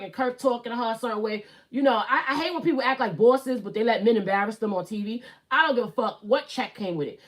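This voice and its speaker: Her pitch is fairly high and a bit bright. She's a Brooklyn-born woman in her thirties with the local accent, running a laid-back YouTube live stream where she talks straight, curses, and hammers points home by repeating them.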